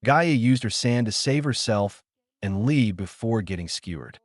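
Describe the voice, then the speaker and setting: A man reading a first-person fanfiction story aloud in a flat, even narrating voice. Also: on the low side, a little slow, no room sound, clean studio sound.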